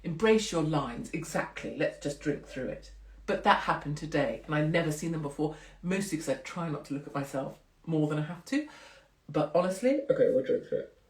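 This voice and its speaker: A woman's voice: sits low, animated, brisk, a little mellow, roomy sound. A middle-aged woman hosting a live stream from home, chatting with viewers in a rambling, self-mocking way and swearing freely. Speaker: host of a live social-media stream. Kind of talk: casual chat with live viewers.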